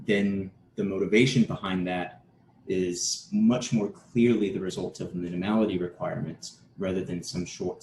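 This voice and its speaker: A man with a low, slightly mellow voice gives an academic conference talk, explaining steadily and now and then restarting a word. The room is echoey, with faint noise.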